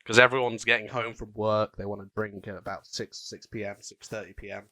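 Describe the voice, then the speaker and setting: Low-voiced man, 18, swearing. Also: level tone, fairly quick, bright, forceful tone, dry recording. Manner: swears often, laughs at himself. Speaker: podcast co-host. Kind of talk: casual chat.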